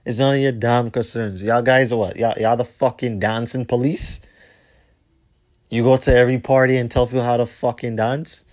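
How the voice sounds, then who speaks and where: A man telling a rambling story as a podcast host, heated and profane, repeating himself and trailing off low at the ends of lines. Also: steady tone, normal speed, darkish tone.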